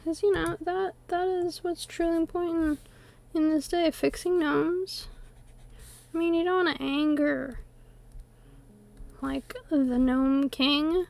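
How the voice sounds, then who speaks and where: High, unhurried woman streamer. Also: fairly even intonation, gravelly, darkish tone. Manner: playful, rambling, hums to herself. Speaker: art streamer. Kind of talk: casual chat while drawing on stream. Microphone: desktop USB microphone.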